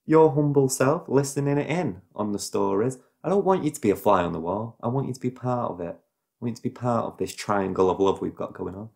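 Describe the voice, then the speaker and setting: Casting: young Mancunian male podcast co-host, playful and rambling, mid-pitched, unscripted chat. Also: animated, brisk, creaky, a little mellow. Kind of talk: casual chat.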